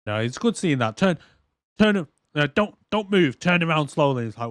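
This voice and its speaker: Man, podcast co-host, sweary, animated, fairly high voice. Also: moderate pace, dry recording, studio quality. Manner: animated, swears a lot, acts out movie lines. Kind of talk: casual movie review chat.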